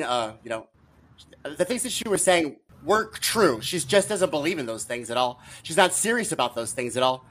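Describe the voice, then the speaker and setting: Man, podcast guest, a bit high-pitched, teasing, argumentative, casual chat. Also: a bit bright.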